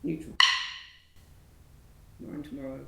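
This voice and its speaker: A woman theatre director coaching actors through a rehearsal, enthusiastic and calling out sharp commands. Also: normal speed, over music. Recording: echoey room, faint rumble.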